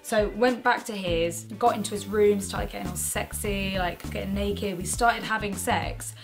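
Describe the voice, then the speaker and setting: A woman in her twenties, co-hosting a casual chat and telling a frank, animated story with plenty of swearing. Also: mid-range voice, normal speed, vocal fry, music in the background. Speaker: co-host.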